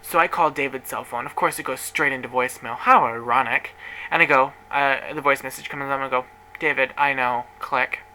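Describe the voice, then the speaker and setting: Young man, chatty gossip storyteller, very bright sharp tone, slight background noise. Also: mid-range voice, fairly quick, low-quality recording. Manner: chatty, dramatic, swears freely. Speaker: vlogger. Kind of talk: casual storytelling to camera.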